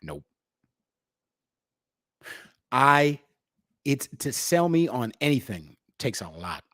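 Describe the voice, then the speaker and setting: A young man hosting a livestream, talking in a profane, slangy, swaggering way and jumping between loud outbursts and low asides. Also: sing-song, takes it slowly, dry recording, studio quality. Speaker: livestream host. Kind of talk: unscripted livestream rant.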